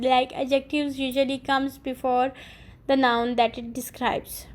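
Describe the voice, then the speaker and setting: Slow, high-voiced woman teaching grammar. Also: darkish tone. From Pakistan. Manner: slow, careful explaining, spelling out letters. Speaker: English teacher. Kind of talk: recorded grammar lesson.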